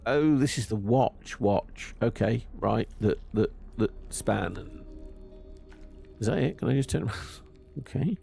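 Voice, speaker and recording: Gravelly streamer muttering. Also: male voice, lowish voice, expressive, measured pace, mellow, faint music behind. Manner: swearing, exasperated muttering to himself. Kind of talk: live gameplay commentary.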